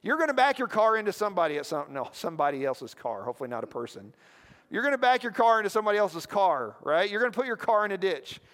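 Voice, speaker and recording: High-voiced man preaching in reverberant hall. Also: fast talker. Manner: lively, conversational, prompts listeners with questions. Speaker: pastor. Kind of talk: sermon.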